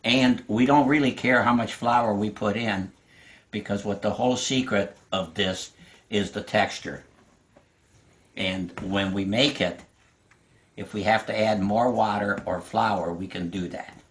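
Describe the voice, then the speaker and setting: In a home kitchen, an older man with a lowish voice gives a child a casual cooking lesson, explaining each step patiently and encouragingly. His intonation is fairly even, his pace measured, and there's a little hiss or hum.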